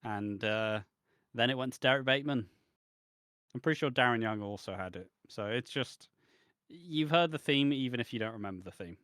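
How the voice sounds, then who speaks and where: A man's voice: medium pitch, normal speed, fairly bright tone, clean tone, no room sound, clean studio sound. A man co-hosting a wrestling podcast in blunt, sardonic, profane chat. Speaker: podcast co-host. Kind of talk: casual chat.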